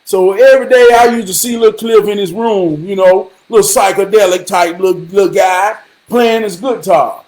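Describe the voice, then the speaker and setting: High-voiced man telling a rambling story. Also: moderate pace, few pauses, darkish tone. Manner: rambling, repetitive, profane, preachy. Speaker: vlogger. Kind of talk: casual storytelling monologue.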